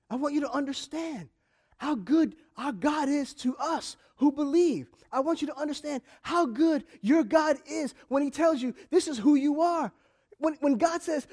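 A male preacher delivers a fervent sermon in an unusually high voice. He talks straight to his listeners, building from quiet asides to ringing shouts. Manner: impassioned, rising to shouts, speaking straight to the congregation.

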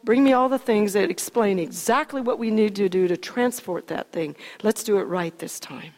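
A woman's voice: moderate pace, natural voice. Woman playing King David, indignant king. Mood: hushed. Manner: indignant shouting, later low and hushed. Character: King David, a frustrated man ruler, shouting then hushed. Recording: long reverb of a hall.

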